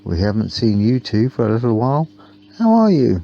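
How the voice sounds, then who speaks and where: A man's voice: mid-range voice, big pitch swings, a little fast, vocal fry. A man voicing a welcoming, playful white ghost in a children's storybook. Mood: friendly. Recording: dull lo-fi with faint hum.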